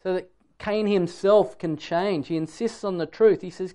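A man's voice: high voice, normal speed, a little mellow. A man preaching a sermon in an earnest, emphatic way, putting direct questions to his listeners.

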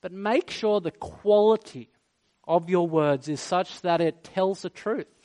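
A man preaching a sermon in church, lively and playful while telling stories, then hushed and solemn when he prays. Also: high-pitched, unhurried. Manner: animated, playful storytelling that turns quiet and solemn in prayer. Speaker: pastor. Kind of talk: sermon and prayer.

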